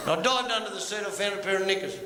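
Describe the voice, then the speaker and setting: A man's voice: high voice, crowd noise. A man telling crude jokes and comic stories in a stand-up style. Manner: bawdy, crude, rapid-fire punchlines. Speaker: comedian. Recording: echoey hall, loud noise.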